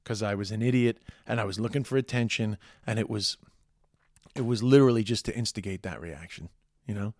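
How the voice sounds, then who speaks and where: A man's voice: fairly low pitch, brisk, a little mellow, dry recording, studio quality. An Irish man in his forties giving a rambling, emphatic podcast monologue, swearing freely. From Ireland. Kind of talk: casual monologue.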